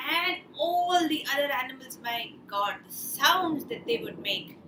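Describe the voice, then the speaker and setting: A woman telling a children's story and leading a craft class, in an animated, playful way, putting on animal sounds. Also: high-pitched, normal speed, background noise. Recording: echoey room.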